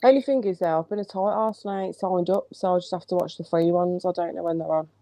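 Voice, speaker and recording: A woman's voice: lowish voice, steady tone, quick pace, mellow, no room sound. A woman who is a guest on a casual late-night live chat, giggly and chatty. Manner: giggly, chatty storyteller, swears.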